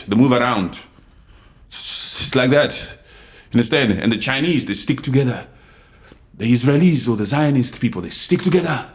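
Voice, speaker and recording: Forceful confrontational man hosting a podcast. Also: mid-range voice, expressive, normal speed. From Congo. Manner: forceful, confrontational, swings between loud outbursts and quiet asides; reads and answers live comments. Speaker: podcast host. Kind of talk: unscripted opinion podcast monologue.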